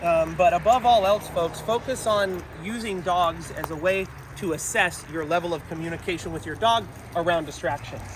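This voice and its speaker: A man with a fairly high voice explains dog training outdoors. He speaks in an encouraging way and keeps calling his viewers folks. Faint street noise and passing vehicles sit behind him. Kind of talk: outdoor training talk to camera. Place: outdoors in a town.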